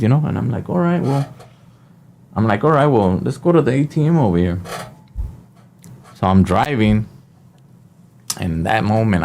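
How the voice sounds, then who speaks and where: Man, radio host, gravelly low voice, rambling anecdote, faint room noise. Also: normal speed, long pauses. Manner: rambling, animated, acts out quotes in a higher voice. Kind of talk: casual storytelling. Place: radio studio.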